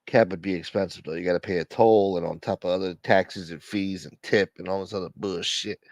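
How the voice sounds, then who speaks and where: A man hosting a mock church livestream, brash and profane, dropping to a mumble and then bursting out loud. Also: sits low, steady tone, a little fast, no echo. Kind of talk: casual comedic livestream banter.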